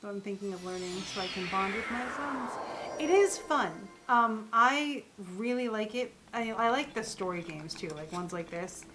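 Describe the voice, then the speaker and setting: A woman's voice: medium pitch, animated, moderate pace, music in the background. A woman chatting casually while playing a video game, rambling to her viewers and the characters on screen, recorded on a desk microphone at home. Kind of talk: casual gameplay chat. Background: household sounds, dog noises.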